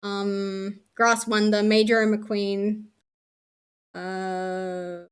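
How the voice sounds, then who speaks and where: A woman's voice: medium pitch, level tone, drawn-out words, smooth. Chatty Australian woman streamer. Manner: chatty, swears casually, trails off mid-sentence. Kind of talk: casual chat while unboxing.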